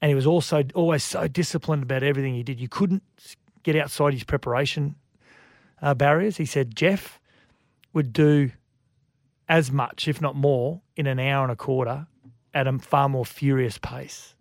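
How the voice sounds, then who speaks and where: An Australian man co-hosting a sports radio show, telling stories in a lively way and acting out quotes. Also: mid-range voice, moderate pace, creaky, dry recording, studio quality. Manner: lively storyteller, acts out quotes. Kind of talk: casual sports radio chat. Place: radio studio. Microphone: studio microphone.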